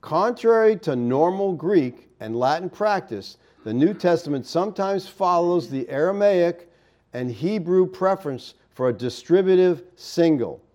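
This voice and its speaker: A man's voice: a little high, expressive, measured pace, darkish tone, dull audio. A man preaching a verse-by-verse Bible teaching, explaining Greek words and often checking in with the listeners.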